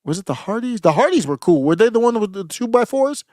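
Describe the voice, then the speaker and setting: A man's voice: high voice, sing-song, quick pace, darkish tone, dry recording, studio quality. A man co-hosting a podcast, chatting casually and nostalgically, often trailing off and restarting his sentences. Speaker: podcast co-host. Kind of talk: casual chat.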